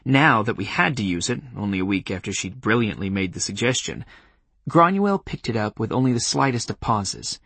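A man narrating an audiobook in the first person, with wry, expressive storytelling. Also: on the low side, normal speed, slightly rough, no room sound.

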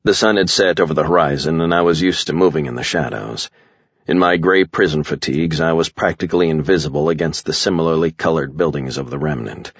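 A man with an extremely deep, gravelly voice narrates a story in the first person, with a grim, measured delivery. His tone is husky, and the dry, muffled recording keeps it close. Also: dry recording. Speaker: audiobook narrator.

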